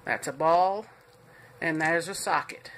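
Working in her kitchen, a cooking show host gives a home cooking demonstration, speaking directly to viewers in a chatty, reassuring, unhurried way. Her slightly low voice still sounds bright and forceful, with a faint background hiss underneath.

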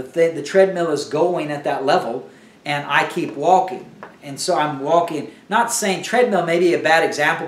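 A man's voice: fairly high pitch, reverberant, recorded from a distance. A man teaching a Bible lesson in a conversational sermon style, often restarting his sentences.

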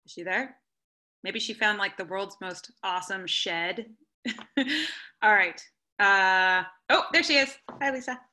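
A woman moderating a webinar panel on a video call, upbeat and quick to laugh. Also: mid-range voice, pushed and bright.

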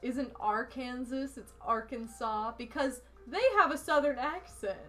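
A young woman live-streaming a party card game, chatting casually and teasing her partner with animated exclamations. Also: sits high, normal speed, soft background music.

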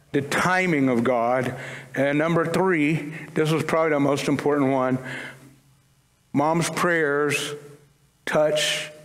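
A man preaching a sermon to his congregation, casual and conversational, with humorous asides. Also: a little high. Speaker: pastor. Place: church sanctuary. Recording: long church-hall reverb.

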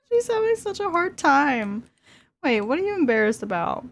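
In this clip a woman in her twenties hosts a laid-back let's-play, chatting, giggling and talking to her characters as she plays. Her voice is high and gravelly, with big pitch swings, at a normal speed.

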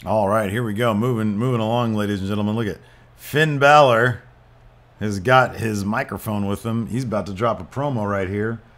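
A man hosting a gaming channel, giving excited play-by-play over a wrestling game with loud exclamations and quiet mutters. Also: fairly low pitch, moderate pace.

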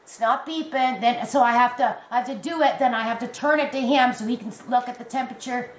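A woman chatting casually to her viewers, telling a story in an animated way and laughing at herself. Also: a little high, fast talker. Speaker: crochet vlogger. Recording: echoey room with faint background noise.

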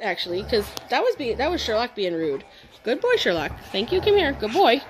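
A woman's voice: on the high side, sing-song, a little fast, slight background noise. A woman dog trainer at home, talking to her dogs with sing-song praise and short commands. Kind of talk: talking to dogs during play.

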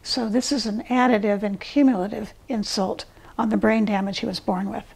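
A woman speaking as an expert in a documentary interview, explaining in a measured way over soft guitar music. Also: mid-range voice, steady tone, vocal fry, slightly rough. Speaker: expert on fetal alcohol disorders.

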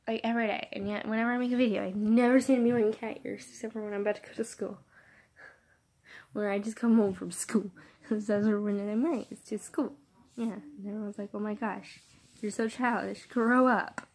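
A teenage girl vlogging to her phone camera in her bedroom, rambling and apologetic with lots of fillers, her voice hoarse from a sore throat. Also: mid-range voice, little pitch movement, fast talker, dark tone. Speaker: YouTuber. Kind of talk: casual vlog chat. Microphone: phone camera held vertically.

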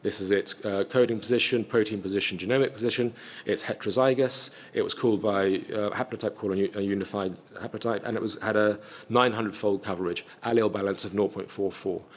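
At a conference, a man with a fairly low, slightly rough voice gives a scientific talk and answers questions. His delivery is measured and technical with fairly even intonation, and he often restarts phrases while walking through data.

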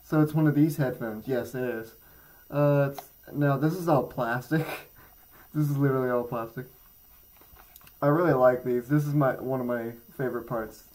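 A man's voice: mid-range voice, steady tone, normal speed, a little mellow, rough recording. A teenage boy rambling casually through a headphone review for his channel, with many fillers and self-mocking jokes. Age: teens. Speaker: gaming channel creator. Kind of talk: casual product review vlog.

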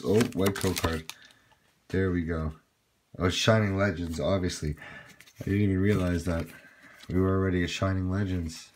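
A man hosting a card pack-opening video, chatting casually and getting excited over his pulls, with quick apologetic asides. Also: low voice, noisy background. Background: crinkling packs and shuffling cards.

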